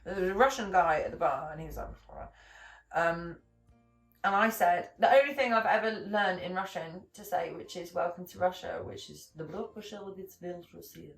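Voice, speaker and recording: A woman's voice: lowish voice, fairly quick. A woman, rambling through stories as a podcast co-host, swearing often and restarting her sentences. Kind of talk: casual chat, storytelling. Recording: echoey room, distant mic, faint music.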